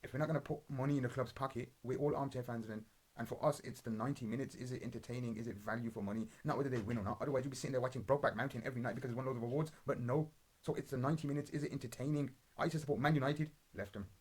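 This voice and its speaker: A young man talks fast and in a husky voice as he rattles through match reactions. His football banter is blunt and rambling, heavy with slang and swearing. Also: medium pitch, steady tone. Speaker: podcast host. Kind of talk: casual football watch-along commentary.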